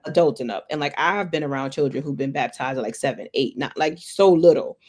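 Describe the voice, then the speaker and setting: A woman hosting a book club interview, asking long, curious questions in a relaxed, friendly way. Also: a bass voice, brisk.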